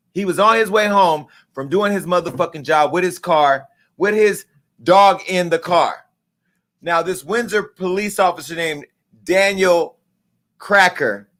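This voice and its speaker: Hosting a live stream, this middle-aged man launches into an impassioned rant, angry, emphatic and full of profanity. His pitch is fairly high and his tone sharp.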